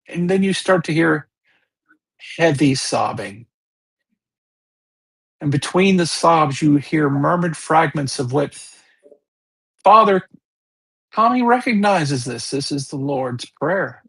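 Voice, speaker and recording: A game master narrates a tabletop game in an unhurried, husky voice at a middling pitch. Each scene is laid out with measured care, broken by quick questions to the players. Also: lively intonation, a bit bright. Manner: slow, measured scene-setting with check-in questions.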